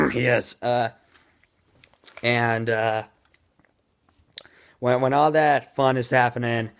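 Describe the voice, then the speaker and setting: A man giving a casual, rambling movie review in an excitable way, admitting he talks too fast. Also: mid-range voice, gravelly, clear, resonant tone.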